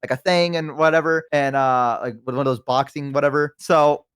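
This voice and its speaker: A young man telling a long story in a casual chat, animated and quick to act out the people in it. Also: a little high, smooth, no room sound, clean studio sound. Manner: animated, laughing, acts out voices in his stories. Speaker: guest storyteller.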